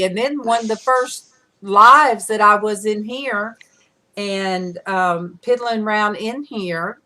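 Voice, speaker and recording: A middle-aged woman leads a relaxed livestream conversation in front of a camera, talking slowly and stopping often on "uh" and "um". Her voice has a bright, forward edge. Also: mid-range voice. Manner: chatty, rambling with many fillers. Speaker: livestream host. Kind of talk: casual chat. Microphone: camera mic.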